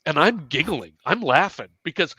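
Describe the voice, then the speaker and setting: A man casually telling a self-mocking story on a live stream, animated and swearing freely. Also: a little high, normal speed.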